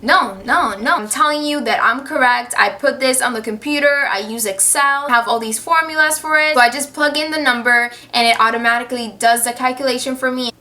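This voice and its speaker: A woman's voice: sits high, brisk, few pauses, pushed and bright. A woman voicing a strict, curt middle-aged female college teacher who brushes people off with clipped, repeated words. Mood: dismissive. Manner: clipped, dismissive, repeats herself.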